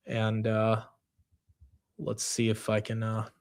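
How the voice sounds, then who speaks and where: A man hosting a casual market livestream, excitable and joking, often jumping loud and quick. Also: lowish voice. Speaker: livestream host.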